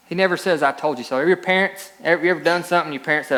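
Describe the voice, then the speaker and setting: A man's voice: on the high side, quick pace, fairly bright tone. A male pastor preaching a sermon, reading scripture aloud and rising into emphatic peaks.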